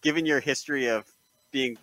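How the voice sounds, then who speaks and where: A man's voice: medium pitch, brisk, bright, forceful tone, dry recording. A man contributing to a casual sports podcast, fired up and ranting.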